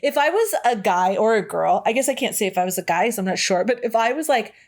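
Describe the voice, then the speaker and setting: A woman's voice: mid-range voice, animated, quick pace. A woman co-hosting a podcast, chatting casually about a horror film. She swears freely and breaks into laughter often. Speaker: podcast co-host. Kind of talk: casual chat.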